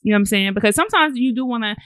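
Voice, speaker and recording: A woman talks fast in a casual podcast chat. Her voice is bright and forceful, and the sound is dry and close. She acts out the lines of the people she quotes. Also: on the high side, dry recording. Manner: animated storyteller, acts out quotes. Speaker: podcast guest. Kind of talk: casual conversation.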